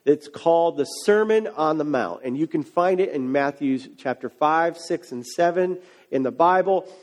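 A man preaching as a pastor in a relaxed, conversational sermon that builds to emphatic questions. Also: on the high side, moderate pace. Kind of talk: casual sermon.

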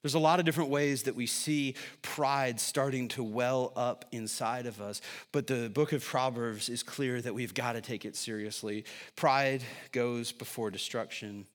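Preaching conversationally, a man in his thirties serves as pastor, punctuating his sermon with quick, jokey asides and repeated "right?" tags. He has a mid-range voice and an animated manner. Long reverb from the large church hall fills the recording.

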